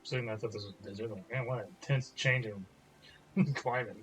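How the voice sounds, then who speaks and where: A woman with an unusually deep voice chats casually while playing a game. She keeps to short, laid-back replies. Faint game music runs underneath. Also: moderate pace, poor audio. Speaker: co-player. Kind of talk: casual chat while gaming.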